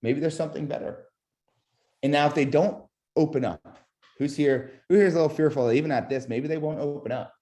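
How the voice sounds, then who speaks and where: A man's voice: fairly high pitch, fairly quick. A man coaching a webinar on sales calls, modeling tone of voice and quizzing his audience. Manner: lively, demonstrates vocal tonality, asks audience questions. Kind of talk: webinar instruction with demo calls.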